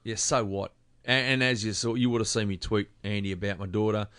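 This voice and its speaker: A man's voice: fairly low pitch, fairly even intonation, brisk, fairly bright tone, clean tone. Blunt emphatic Australian man. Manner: blunt, emphatic, repeats himself. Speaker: podcast co-host. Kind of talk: casual sports chat.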